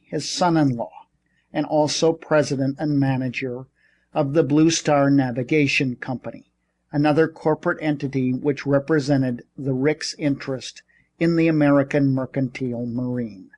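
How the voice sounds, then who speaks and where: A man reading an audiobook in measured, scripted narration. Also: medium pitch, steady tone, darkish tone.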